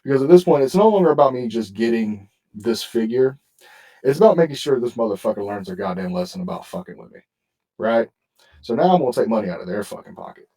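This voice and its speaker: A man's voice: medium pitch, animated, quick pace, warm tone, husky, recorded from a distance, rough recording. A man hosting a podcast, telling a story in casual chat and swearing constantly. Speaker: podcast host.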